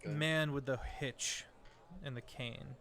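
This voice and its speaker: Guy running a tabletop game, slow halting narration, bright voice. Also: mid-range voice, steady tone, creaky. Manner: halting, with restarts and fillers. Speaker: game master.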